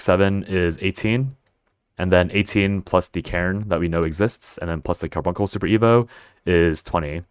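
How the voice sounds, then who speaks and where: Low-voiced man breaking down a card game. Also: clear, resonant tone, dry recording, studio quality. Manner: thinks aloud, corrects himself mid-sentence. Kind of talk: casual gameplay breakdown.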